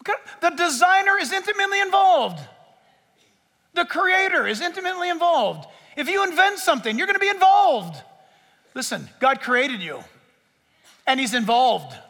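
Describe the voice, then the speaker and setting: A man preaching a sermon as a pastor, in an animated, joking way that speaks straight to the crowd. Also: very high voice, moderate pace. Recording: long hall reverb.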